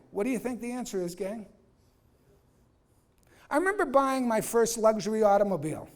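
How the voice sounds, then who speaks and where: A man speaks to a room of real estate agents in a lively, punchy way. He acts out dialogues and throws questions back at the audience, sometimes blunt and profane. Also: high-pitched, moderate pace, pauses often. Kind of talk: live training talk to agents.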